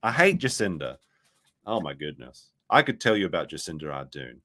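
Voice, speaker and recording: A man's voice: rumbling low, very animated, a little fast, a bit bright. A man giving casual, rambling reaction commentary, full of fillers. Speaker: commentary streamer.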